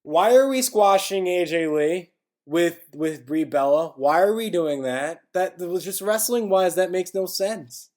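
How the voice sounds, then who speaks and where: Rambling man, slightly high voice. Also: animated, unhurried, a little mellow. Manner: rambling, heavy on filler words, grows exasperated. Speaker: wrestling podcast host. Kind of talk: casual solo review.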